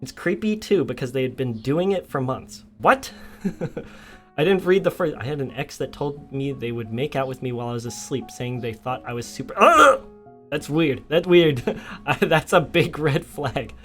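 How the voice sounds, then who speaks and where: A young man chatting casually on a livestream, telling a story with frequent laughter and reacting to chat. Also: medium pitch. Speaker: streamer.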